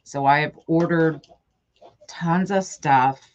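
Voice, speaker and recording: A woman's voice: low-pitched, takes it slowly, muffled recording. A middle-aged woman who hosts a craft livestream, chatting with viewers by name and thinking aloud as she works. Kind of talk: casual livestream chat while crafting.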